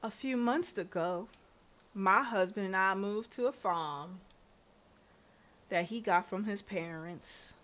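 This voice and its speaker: A woman voicing a down-to-earth Southern farm wife in her late thirties, reading her lines in a measured, plain way with a Southern accent. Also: medium pitch, a bit bright. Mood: matter-of-fact.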